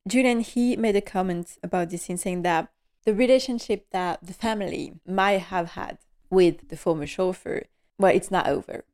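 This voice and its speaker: A woman's voice: lowish voice, normal speed, a little mellow. Chatty woman recapping a TV episode. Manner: chatty and enthusiastic, laughs often, paraphrases scenes. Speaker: podcast host.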